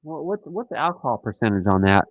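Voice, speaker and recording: A man's voice: mid-range voice, big pitch swings, fast, no room sound, lo-fi sound. A man hosting a casual live stream, joking and rambling in a playful, silly way.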